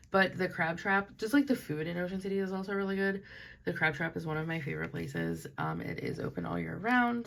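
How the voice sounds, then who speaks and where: A young woman talks casually about her week, her lowish voice full of vocal fry. She chats loosely and says "like" in nearly every phrase. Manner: chatty, frequent "like" fillers. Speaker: planner vlogger. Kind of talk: casual chat.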